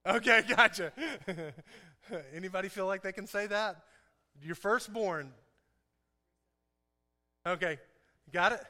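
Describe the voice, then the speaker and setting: A pastor preaches in a church sanctuary, his high-pitched voice bright and forceful, moving at a slow pace with frequent pauses. He's playful and chatty with the congregation and laughs often, all captured in an echoey hall.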